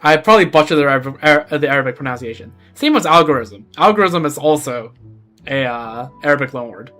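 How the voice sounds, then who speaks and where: A man's voice: mid-range voice, expressive, brisk, sharp tone, faint music behind. A man streaming a game, chatting casually in a rambling way and repeating words as he thinks. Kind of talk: casual gameplay commentary.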